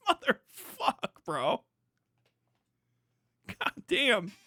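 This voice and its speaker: Brief: profane excitable male streamer, bright and crisp voice, fairly high. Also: measured pace, dry recording. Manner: profane, excitable, laughs often. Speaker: live streamer. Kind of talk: casual live-stream chat.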